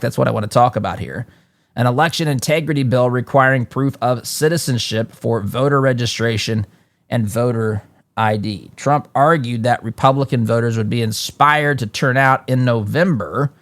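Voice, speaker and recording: A male talk-show host delivers a political commentary monologue. He reads news reports aloud and breaks off into emphatic asides, often restarting mid-sentence and jumping up in pitch to stress a point. His voice sits at an ordinary middle pitch, and the recording is close and dry. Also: no echo.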